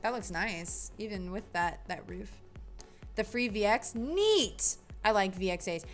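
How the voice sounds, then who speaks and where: Young female streamer, casual and rambling, mid-range voice, quick bursts of enthusiasm. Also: medium pitch, faint music behind. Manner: chatty, self-correcting, bursts of excitement. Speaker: game dev streamer. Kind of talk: casual livestream commentary.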